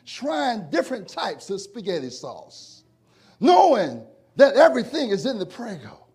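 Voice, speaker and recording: A man preaching a sermon, telling a homey story and then building to loud, emphatic preaching. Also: extremely high pitch, big pitch swings, moderate pace, husky. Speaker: pastor.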